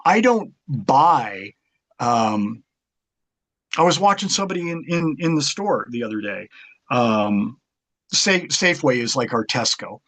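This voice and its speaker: A man's voice: medium pitch, big pitch swings, a little slow, a bit bright. A man, a guest martial arts author, chatting casually in an interview and rambling through stories with many fillers and restarts.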